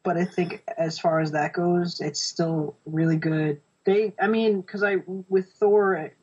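A husky, breathy voice at middle pitch talks through film opinions in a thoughtful, hedging way. The recording is dull and lo-fi. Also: steady tone, measured pace, darkish tone. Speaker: podcast panelist. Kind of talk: casual chat.

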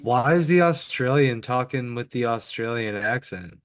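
A man's voice: medium pitch, animated, normal speed. A man co-hosting a casual watch-along podcast, making wisecracks. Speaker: podcast co-host.

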